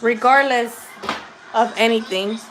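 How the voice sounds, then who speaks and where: A woman's voice: fairly high pitch, takes it slowly. A woman hosting a casual boxing livestream, talking bluntly and with a lot of profanity as she jokes and answers her chat. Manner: blunt, profane and joking, talks back to chat.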